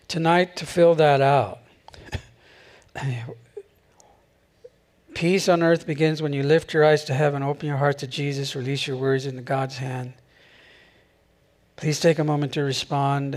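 A high-voiced pastor chuckling through his sermon. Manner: conversational, chuckles often between phrases. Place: church service.

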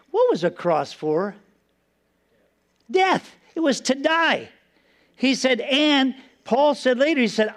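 A man preaching a sermon, telling a personal testimony in an earnest storytelling way and dropping soft and low for solemn moments. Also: expressive, unhurried.

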